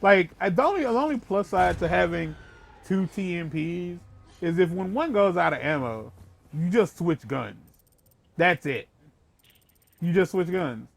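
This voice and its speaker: Young male let's play host, gravelly and chatty, rambling commentary while gaming. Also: sits high, lively intonation, a little slow, long pauses. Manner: chatty and rambling, swears casually.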